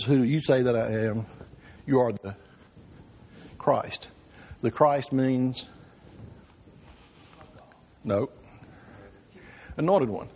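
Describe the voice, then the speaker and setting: A man's voice: medium pitch, a little mellow, breathy edge. Man teaching a church class. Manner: conversational, asks the class questions with frequent "right?".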